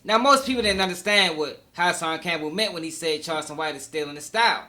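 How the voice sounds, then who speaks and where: A man's voice: fairly high pitch, fast talker, sharp tone. A man hosting a commentary channel, talking in a skeptical, questioning way. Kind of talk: commentary monologue.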